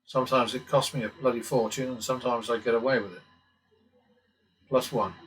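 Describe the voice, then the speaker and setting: A man's voice: medium pitch, steady tone, a little fast, rough recording. A man casually talking through simulated blackjack hands, muttering calculations with wry asides and the odd swear word. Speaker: blackjack strategy channel host. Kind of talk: casual commentary while playing simulated blackjack.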